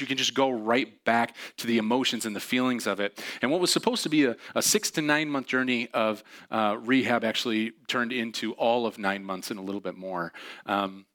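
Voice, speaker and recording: Man, bright voice, self-deprecating storyteller, lots of "um"s. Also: mid-range voice. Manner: chatty, self-deprecating, many fillers. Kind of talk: personal storytelling.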